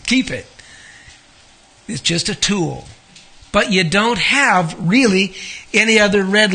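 High, bright-voiced male Bible teacher. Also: slightly rough. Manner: conversational, asks the audience questions. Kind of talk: Bible study sermon.

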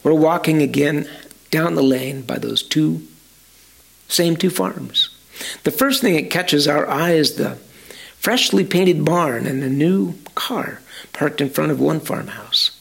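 A man telling a story in a sermon, slowly and dramatically, speaking directly to his listeners. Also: a little high, gravelly, fairly bright tone. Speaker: storyteller preacher.

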